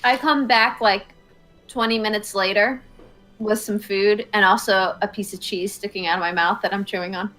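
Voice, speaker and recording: Cheerful woman playing a tabletop game, giggles a lot, bright tone, soft music under it. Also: medium pitch, fairly even intonation, moderate pace.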